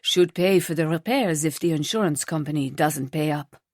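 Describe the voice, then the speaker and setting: Wry brisk man, lower voice, matter of fact, dry sound, woman putting him on. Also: a little mellow, no room sound.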